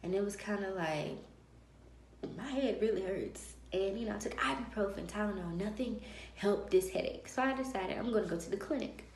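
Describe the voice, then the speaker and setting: A woman vlogger telling a personal story in a lively way and acting out the dialogue of others. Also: mid-range voice, normal speed, a little hiss or hum. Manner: animated, acts out dialogue. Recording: roomy echo.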